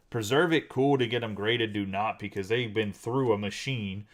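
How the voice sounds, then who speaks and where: Man, lowish voice, casual card-break host, chatty, quick name run-downs. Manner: chatty, rattles off names quickly.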